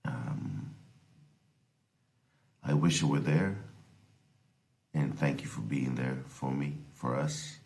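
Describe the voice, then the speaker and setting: A man giving a halting eulogy for his grandmother, holding back tears and pausing often between words. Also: extremely low pitch, creaky, a little mellow, rough recording. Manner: hesitant, many pauses and fillers. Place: recorded from abroad, far from the service.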